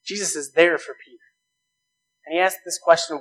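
A male pastor delivering a sermon in a notably high voice. He speaks earnestly, stacking rhetorical questions and pressing his points with rising emphasis. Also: fairly even intonation, normal speed, fairly bright tone, rough recording.

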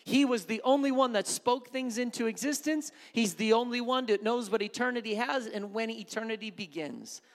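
A man's voice: extremely high pitch, moderate pace, hardly any pauses, big-room sound. A male pastor preaching a sermon in an impassioned way, repeating refrains.

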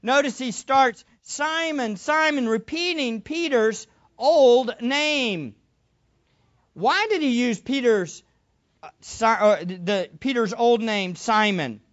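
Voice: mid-range voice, lively intonation, slow. Preacher giving a sermon, emphatic, lots of rhetorical questions, bit muffled.

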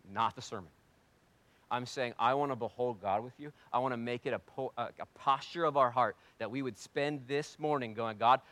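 Animated pastor preaching. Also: male voice, medium pitch, dry recording. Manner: animated, swings between loud and hushed; conversational, self-deprecating humor. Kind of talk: sermon.

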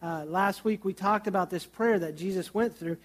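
A man's voice: high-pitched, normal speed. A middle-aged man, a pastor, preaching a sermon and telling funny childhood stories. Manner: storytelling with humor and vivid childhood anecdotes.

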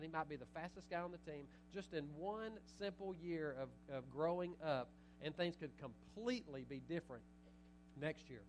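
Animated preaching man. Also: a little high, a little hiss or hum, poor audio. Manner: animated, swings from loud urging to quiet asides. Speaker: pastor. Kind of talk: sermon.

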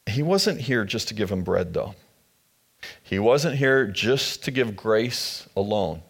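A man's voice: on the low side, expressive, slow, slightly rough. A man preaching a sermon as pastor, retelling scripture in casual, conversational storytelling.

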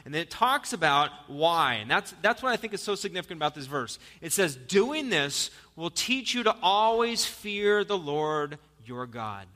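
A man's voice: on the high side, big pitch swings, normal speed, hardly any pauses, bright, forceful tone, in a large hall. A male pastor preaching an earnest sermon in a church, telling jokes and stories to the congregation. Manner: storytelling with jokes, earnest and exhorting. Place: church sanctuary.

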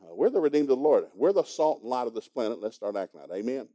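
A man's voice: mid-range voice, big pitch swings, quick pace, dark tone. An older man preaching a sermon in a folksy, emphatic and humorous storytelling manner.

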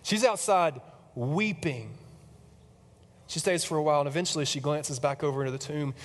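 A man retells a story as a casual, chatty sermon, animated and full of fillers. His voice is a bit high for a man and carries a long reverb from a large hall. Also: normal speed.

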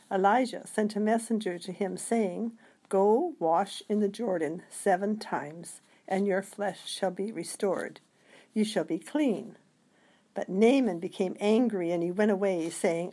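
A woman reading scripture passages aloud in a measured way, sometimes stumbling over a word. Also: mid-range voice, warm tone. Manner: measured reading with occasional slips. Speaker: scripture reader.

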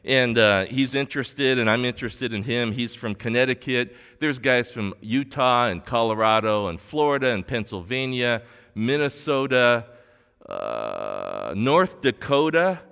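An older man preaching a sermon as pastor, telling stories in a relaxed conversational way with fillers and restarts. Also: medium pitch, a little slow, creaky, clear, resonant tone. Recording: long hall reverb.

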